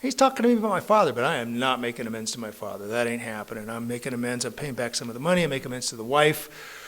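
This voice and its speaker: A man's voice: medium pitch, lively intonation, quick pace, a bit bright. A middle-aged man telling his story as a recovery meeting speaker, conversational and self-mocking, with frequent tag questions. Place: recovery club meeting room.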